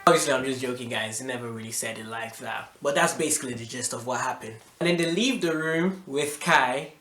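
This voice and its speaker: A man from Nigeria telling a school story in a casual vlog, animated and full of slang and fillers. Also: mid-range voice, fairly quick. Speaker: vlogger. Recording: roomy with background music.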